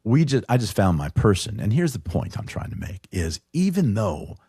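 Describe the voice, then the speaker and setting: A middle-aged man with a deep, warm, creaky voice shares an emotional personal story as a podcast guest, and he is also the show's producer. His delivery is earnest and halting, sing-song with a breathy edge, full of stumbles and restarts. The close, dry recording has no echo or room sound.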